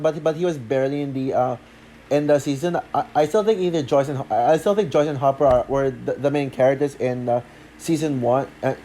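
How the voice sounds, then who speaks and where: A man talking through a show review off the cuff, halting with many fillers and restarts, short of breath. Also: on the high side, mellow, a little hiss or hum. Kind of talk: unscripted review talk.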